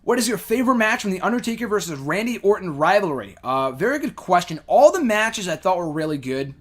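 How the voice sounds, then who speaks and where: A man's voice: sits high, big pitch swings, brisk. A young man hosting a casual show, rambling through fan questions with lots of fillers and blunt opinions. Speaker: host answering fan questions. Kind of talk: casual chat.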